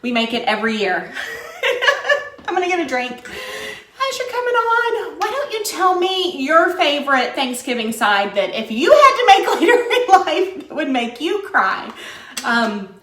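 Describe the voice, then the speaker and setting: A woman's voice: sits high, sing-song, a little slow, pushed and bright, slight background noise. A woman from West Virginia hosting a live cooking stream, chatting with viewers in an upbeat way and laughing often. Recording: echoey room sound.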